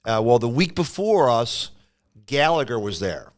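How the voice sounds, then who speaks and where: A man, a comedian and podcast host, telling animated stories in casual chat. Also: medium pitch, a little slow. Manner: animated storyteller.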